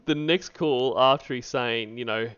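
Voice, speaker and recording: A man's voice: medium pitch, a little slow, a bit bright, clean tone, lo-fi sound. A man giving loose, casual commentary on radio calls as a stream host, swearing freely.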